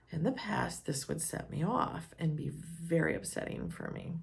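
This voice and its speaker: Candid woman, low voice, personal story talk. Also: animated, gravelly. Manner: earnest, candid, measured. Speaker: speaker on personal growth.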